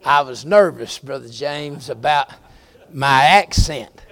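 Slow Southern American preacher. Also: male voice, medium pitch, a bit bright. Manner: folksy storytelling with rising preacher emphasis. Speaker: pastor. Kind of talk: sermon.

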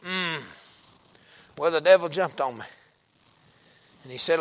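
Male preacher, high voice, hushed-to-shouting sermon delivery. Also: unhurried, pauses often. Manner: swings from hushed to shouting, folksy.

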